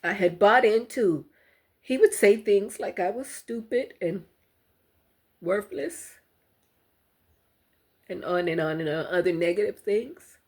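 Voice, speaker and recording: An older woman speaks to her viewers in a slow, unhurried voice with a husky, breathy edge. Her delivery is halting and heartfelt, full of pauses, in the manner of a personal vlog. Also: mid-range voice, animated, a little mellow. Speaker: vlogger. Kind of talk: emotional personal testimony to camera.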